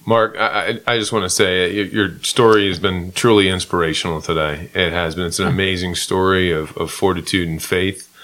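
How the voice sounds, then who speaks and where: A man's voice: low-pitched, fairly bright tone. A man hosting a podcast interview, affirming his guest and stammering a little. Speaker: podcast host.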